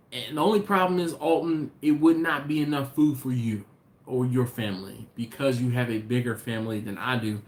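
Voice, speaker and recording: A man's voice: medium pitch, fairly even intonation, brisk. An American man hosting a live stream, talking loosely with fillers and restarts. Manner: loose, rambling talk with fillers. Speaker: host. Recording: roomy echo.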